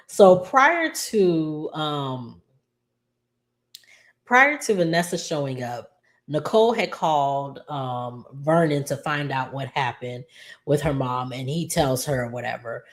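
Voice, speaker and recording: A woman's voice: low voice, lively intonation, slow pace. A woman casually recapping a soap episode in a chatty, loose way, full of ums and likes. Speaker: soap opera recap vlogger.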